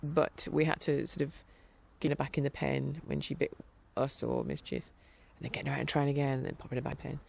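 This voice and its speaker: A middle-aged woman chatting casually in a rambling, warm-hearted way, with fillers and light laughter. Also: rumbling low, level tone, fast, gravelly, a little hiss or hum. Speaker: vlogger. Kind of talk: casual chat.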